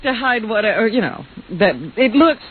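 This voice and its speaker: A woman's voice: fairly high pitch, animated, moderate pace. A woman co-hosting a radio show, chatty and gossipy with easy laughter. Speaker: radio co-host. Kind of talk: casual radio talk. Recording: thin phone-like broadcast audio.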